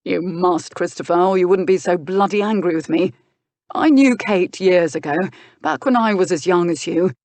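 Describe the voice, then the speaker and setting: Woman reading a firm, steady uncle. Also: on the low side, no room sound, natural voice. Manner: firm, measured, dryly mocking. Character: older uncle and guardian, firm, steady boxer. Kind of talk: audiobook character voice.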